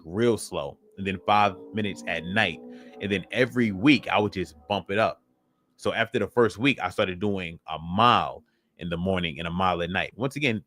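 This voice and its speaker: A man's voice: deep voice, a bit bright, no echo, studio quality. A man hosting a live fitness Q and A, talking casually and filling his speech with "you know what I'm saying". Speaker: fitness host answering live questions. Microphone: livestream setup.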